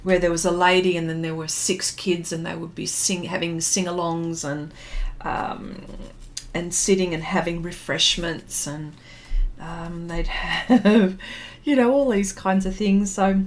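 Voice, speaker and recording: Slow, chatty woman. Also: on the low side, steady tone, a little hiss or hum. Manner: rambling, reminiscing, with many fillers and laughs. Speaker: art livestream host. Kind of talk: casual chat while drawing and reading viewer comments.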